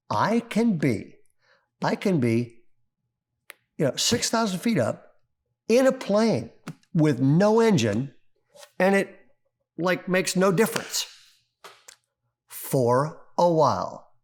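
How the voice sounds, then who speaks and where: Guy pastor preaching, kinda higher voice, gets all worked up telling stories. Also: slow, pauses often. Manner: animated storyteller, voice climbing when excited. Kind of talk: sermon.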